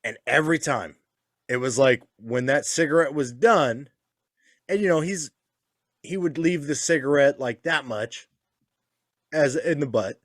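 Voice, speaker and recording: A man's voice: on the high side, expressive, measured pace, long pauses, dry recording, studio quality. A man in casual chat, a father telling crude stories with swearing and laughs. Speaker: podcast co-host, father.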